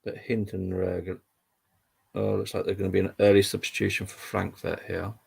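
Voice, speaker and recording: A man's voice: low voice, monotone, moderate pace, vocal fry, darkish tone, slightly rough. A young man hosting a live football stream, chatting in a rambling, casual way with lots of fillers. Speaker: livestream football update host.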